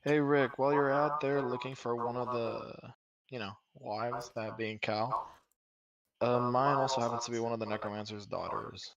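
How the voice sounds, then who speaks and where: A man's voice: medium pitch, level tone, normal speed, fairly bright tone, muffled recording. A man playing in a tabletop game, chatting casually in an easygoing, slightly weary way. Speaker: player.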